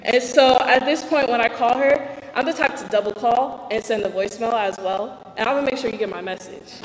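A young woman reads out an earnest, candid personal testimony and pokes fun at herself along the way. Her voice sits a little high. It carries through a large hall with a long, echoing reverb. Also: brisk. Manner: earnest, candid, self-deprecating. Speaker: speaker giving a personal testimony. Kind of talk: read-aloud personal talk on faith.

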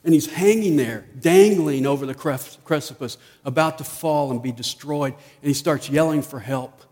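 A man preaching a sermon as pastor, rising to emphatic peaks and dropping to quiet asides. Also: a little high, moderate pace, in a large hall.

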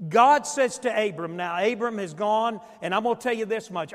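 High-voiced preaching man in a reverberant church. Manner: call-and-response preaching, repeats phrases. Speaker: pastor. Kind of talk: sermon. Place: church sanctuary.

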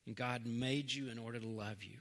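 A middle-aged man preaching a sermon, earnest, moving between quiet, slow stretches and emphatic lines. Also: mid-range voice, steady tone. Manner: earnest, swings from soft to emphatic. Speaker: pastor. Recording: long hall reverb.

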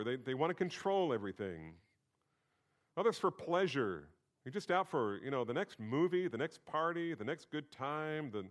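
A male pastor giving a sermon in a conversational teaching manner, stressing points through repetition. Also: mid-range voice.

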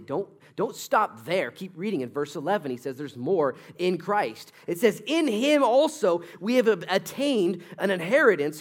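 A middle-aged male pastor delivers a sermon with playful asides and quick jokes. His pitch swings widely as he teaches, rising and dropping through each point. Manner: humorous, animated preaching with jokes and asides. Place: church sanctuary.

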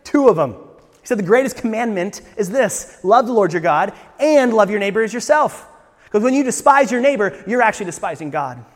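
A man's voice: high voice, animated, a little fast. A man preaching a sermon as pastor. He speaks earnestly, asks the congregation rhetorical questions and rises to emphatic bursts. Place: church sanctuary. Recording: long church-hall reverb.

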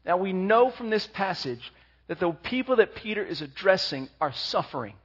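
A man preaching a sermon, reading scripture slowly and then speaking with rising energy. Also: high voice, sing-song, breathy edge, highs cut off. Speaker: pastor.

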